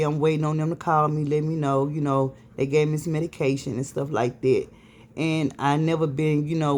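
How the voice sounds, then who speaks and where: A woman's voice: deep voice, a little mellow. Stressed woman venting, swearing hard. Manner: heavy swearing, many fillers and restarts. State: stressed and weary. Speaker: vlogger. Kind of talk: casual venting to camera.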